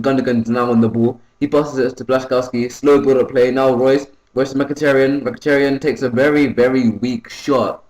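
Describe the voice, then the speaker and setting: Young man, gaming commentary, casual play-by-play, rambling, self-correcting, mid pitch, echoey room. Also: darkish tone. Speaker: gaming YouTuber.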